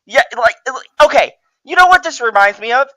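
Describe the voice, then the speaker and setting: A woman's voice: sits high, fairly quick, no echo, low-quality recording. A woman co-hosting a casual podcast chat, swearing freely and laughing often. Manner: profane, laughs often, animated. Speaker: podcast co-host.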